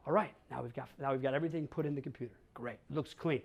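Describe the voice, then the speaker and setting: A man's voice: medium pitch, fast, gravelly, hardly any pauses, highs cut off. A man in his forties from Chicago giving a talk to a crowd, brash and blunt, firing off rhetorical questions and slang. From Chicago, USA. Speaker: conference speaker. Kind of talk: energetic storytelling talk.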